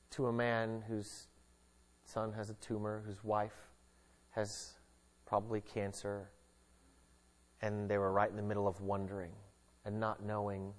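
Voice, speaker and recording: A middle-aged man, a pastor, giving a conversational sermon with casual jokes, moving between lively emphasis and hushed earnestness. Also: on the low side.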